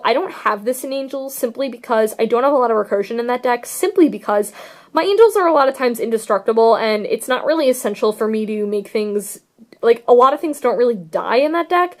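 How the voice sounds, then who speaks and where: A young woman casually chatting about her card deck, gushing and rambling with lots of fillers. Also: fairly high pitch. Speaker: card game vlogger. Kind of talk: casual deck tech chat.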